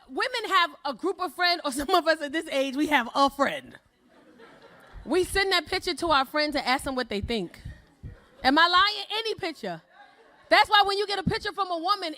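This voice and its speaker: A woman's voice: extremely high pitch, very animated, normal speed, bright, forceful tone. A woman performing a bold, brash stand-up comedy set on a club stage, often laughing at her own jokes. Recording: faint crowd laughter and noise.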